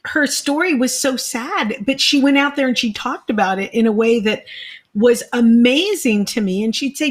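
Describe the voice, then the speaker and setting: A woman with a fairly high voice hosts a casual podcast chat. She tells quick stories and chimes in often with agreement, and her delivery is friendly and lively. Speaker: podcast host, comedian.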